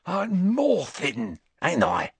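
Man doing a filthy drunk old brute, coarse slurring country speech, higher than his own voice, swinging from muttering to bellowing, dry close sound. A volatile, menacing hermit out of a storybook. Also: huge pitch swings, extremely slow, breathy edge, no echo, heavily acted. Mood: dazed, muttering.

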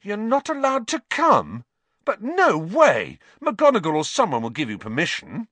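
A man voicing an excitable teenage schoolboy wizard who talks in an offhand, eager way. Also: high-pitched, measured pace, no room sound, voice pushed up, exaggerated voice. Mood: indignant.

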